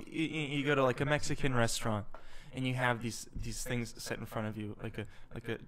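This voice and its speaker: A man's voice: mid-range voice, a little fast. A young man co-hosting a casual comedic podcast, ranting in a mock-serious way. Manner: animated, mock-serious rants. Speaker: podcast co-host.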